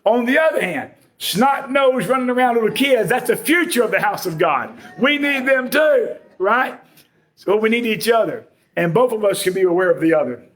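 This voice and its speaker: A man's voice: high-pitched, animated, moderate pace, a bit bright. A man preaching a sermon in a folksy, joking, conversational way.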